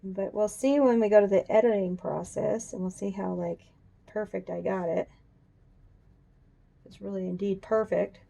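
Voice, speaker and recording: A woman hosting a coloring tutorial, chatting casually and thinking aloud as she works, even talking to her drawing. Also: mid-range voice, creaky. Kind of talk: casual demonstration while drawing. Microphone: camera on a tripod.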